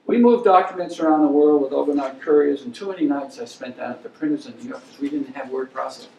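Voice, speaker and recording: A man's voice: a little high, quick pace, gravelly, warm tone. An older man giving an anecdotal lecture, telling stories in a blunt, emphatic, opinionated way. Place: lecture room. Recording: roomy, distant mic with faint hiss.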